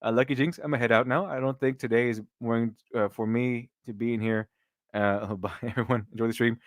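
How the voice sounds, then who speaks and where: A man's voice: mid-range voice, fairly even intonation, brisk, no room sound, studio quality. A man hosting a casual live stream, rambling with many restarts and mocking critics sarcastically.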